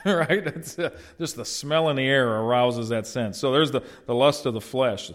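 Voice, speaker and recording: A man's voice: medium pitch, moderate pace, hardly any pauses. A man preaching a sermon as pastor, in a conversational way, putting questions to his congregation and answering them himself.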